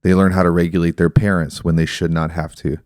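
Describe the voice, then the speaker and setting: Low-voiced man explaining on a podcast. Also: little pitch movement, quick pace, darkish tone, no echo, studio quality. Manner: reflective, explanatory, storytelling. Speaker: podcast host. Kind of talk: casual podcast conversation.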